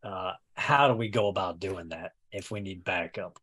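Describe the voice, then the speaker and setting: A man's voice: sits low, normal speed, bright, forceful tone. A man playing a tabletop game, talking bluntly and joking with the others. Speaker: player. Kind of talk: casual tabletop game chat.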